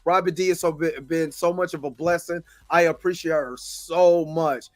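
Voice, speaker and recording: An American man hosts a livestream, venting his frustration in impassioned commentary, repeating himself and thanking viewers by name. His voice sits on the high side with a steady, darkish tone at a moderate pace.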